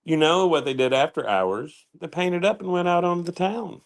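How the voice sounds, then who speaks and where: A man's voice: sits high, moderate pace. Sarcastic male commentary host. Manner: mocking and sarcastic. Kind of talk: casual commentary chat.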